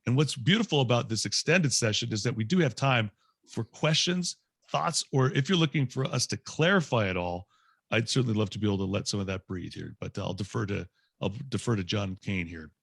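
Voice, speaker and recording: A man's voice: mid-range voice, fairly quick, vocal fry, husky, no room sound, clean studio sound. A man in his late forties tells a candid, self-mocking personal story to a group over a video call. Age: 40s. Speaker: guest speaker.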